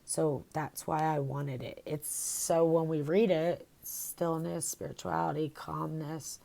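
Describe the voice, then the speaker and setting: A woman's voice: low voice, gravelly, darkish tone. A woman talking in a rambling, reflective way, with many fillers and restarts, in a casual video diary recorded on her phone. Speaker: vlogger.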